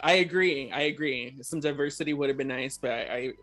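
A man's voice: medium pitch, brisk, over music. A man guesting on a casual movie podcast, blunt and sassy, swearing offhandedly.

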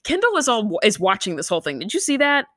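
A young woman co-hosting a podcast, chatting casually and telling a story with lively impressions of the people in it. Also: fast talker, no room sound. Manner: animated storyteller, mimics people in shrill voices. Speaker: podcast co-host. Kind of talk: casual chat recapping a reality show.

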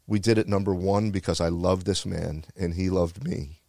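A retired Bronx firefighter tells a heartfelt personal story in earnest, repeating phrases as he goes. His low, creaky, mellow voice moves at normal speed with fairly even intonation. The studio-quality recording has no echo.

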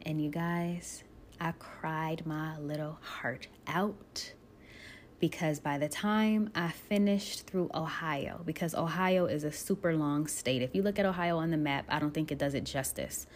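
A woman from Buffalo, New York, earnestly telling her own story of moving away to become an actress, speaking emotionally with pauses and restarts. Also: sits low, a little hiss or hum. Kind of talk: personal storytelling.

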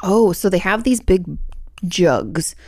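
A woman's voice: lowish voice, very animated, slow pace, darkish tone, no echo, studio quality. A young adult woman co-hosting a podcast, chatting casually and rambling through stories with lots of fillers. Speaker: podcast co-host. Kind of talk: casual chat.

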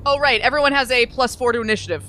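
A woman playing a tabletop game, animated and quick to laugh. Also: fairly high pitch, slight background noise. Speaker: player.

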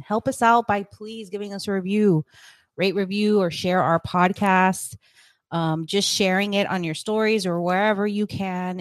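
Woman podcast co-host, relaxed casual chat, low-ish voice, dry sound. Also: no echo. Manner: easygoing, laughs often.

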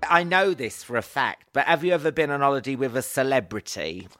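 A man's voice: medium pitch, very animated, brisk, sharp tone, no room sound, studio quality, faint music behind. A man, joking and teasing in a casual chat. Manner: jokey, teasing, lots of laughter. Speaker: podcast co-host.

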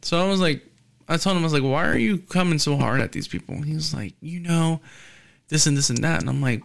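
Male podcast host, gravelly voice, casual storyteller who acts out the people he quotes. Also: a little high, a little fast.

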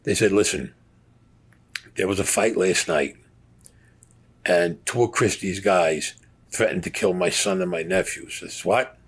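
Husky New man telling blunt stories. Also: low voice, unhurried, long pauses. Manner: blunt, profane, acts out quoted voices. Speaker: interviewee recounting mob stories. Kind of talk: casual storytelling.

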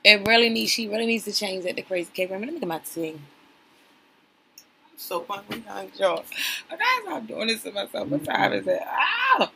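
A woman's voice: medium pitch, expressive, brisk, gravelly, sharp tone, a little hiss or hum, rough recording. Sassy woman recapping reality TV. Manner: sassy, chatty, addresses viewers as y'all. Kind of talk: casual reaction commentary.

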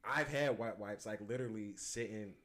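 Bright-voiced man in crude banter. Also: on the low side, normal speed. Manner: laughs a lot, crude and animated storytelling. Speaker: podcast co-host. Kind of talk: casual chat.

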